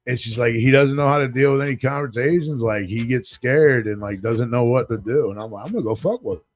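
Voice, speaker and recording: A man telling a story on a radio show, swearing freely and throwing himself into every quoted line. His voice sits at an ordinary middle pitch and sounds close and dry, with faint music underneath. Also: brisk, dry recording. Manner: profane, animated storyteller acting out quotes. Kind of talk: casual chat, telling a story.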